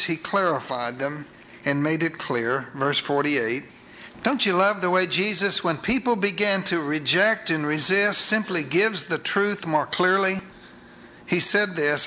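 A man preaching a sermon, retelling scripture with lively asides to his congregation. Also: fairly high pitch, measured pace, poor audio. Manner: animated storytelling with asides to the congregation.

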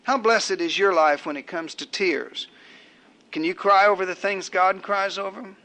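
An older man preaching a sermon in a measured, rhetorical way, building his points through repeated phrases. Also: sits high, steady tone, bright, forceful tone.

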